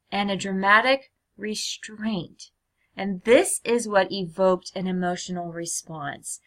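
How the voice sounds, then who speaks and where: A woman teacher giving a recorded lecture in a clear, measured way, often putting questions to her students. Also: medium pitch, pushed and bright.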